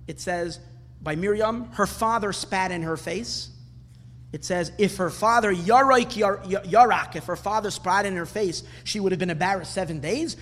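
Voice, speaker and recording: A man's voice: high-pitched, fairly bright tone. A man teaching a Torah class, asking questions and rising into emphatic bursts. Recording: hall reverb with faint ambience.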